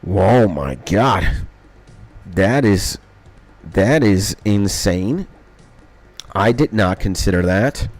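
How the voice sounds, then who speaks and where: A young man streaming a game, rambling excitably in casual chat and swearing a lot. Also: low-pitched, drawn-out words, long pauses. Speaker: gaming streamer. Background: faint background music.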